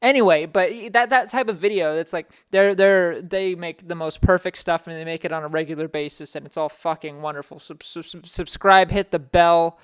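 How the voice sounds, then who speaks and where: A man's voice: a little high, brisk, hardly any pauses, clean tone, no room sound, clean studio sound. A young man hosting a podcast in casual chat, rambling with frequent restarts and self-interruptions. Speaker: podcast host.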